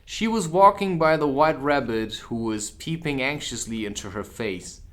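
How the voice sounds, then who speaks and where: A man reading a children's classic aloud as an audiobook, with casual asides. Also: medium pitch. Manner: unhurried, expressive, drops in casual asides. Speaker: audiobook reader. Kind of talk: audiobook narration.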